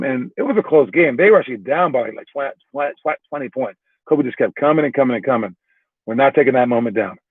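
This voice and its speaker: A man's voice: on the high side, dry recording. Man talking hoops over a tinny line. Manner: loose, talky, frequent restarts and "all right". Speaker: basketball trainer. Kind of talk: casual explaining and ranking. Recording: tinny phone-like dry sound.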